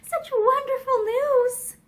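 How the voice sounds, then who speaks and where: A woman's voice: very high voice, animated, normal speed, voice pushed up. A woman reading aloud and voicing an earnest, sensitive young woman who speaks eagerly and a little tremulously. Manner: eager, slightly tremulous speech.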